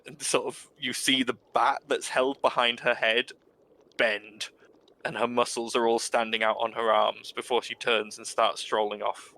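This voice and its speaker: A man narrates as game master of a tabletop campaign. He describes each scene in a relaxed way, with a lot of hesitation, and his voice sits at an average pitch. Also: normal speed, rough recording. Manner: relaxed, hesitant with many ums.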